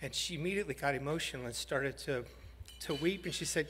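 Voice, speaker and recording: A man, a high school principal, giving a heartfelt banquet speech and telling a story with some halting pauses. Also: fairly bright tone, slight background noise. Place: large banquet hall. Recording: hall reverb.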